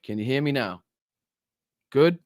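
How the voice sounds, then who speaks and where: A man's voice: mid-range voice, a little slow, no echo, studio quality. A man with a Boston accent hosting a live podcast, energetically greeting viewers in the chat. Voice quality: energetic, shout-outs to viewers. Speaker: podcast host.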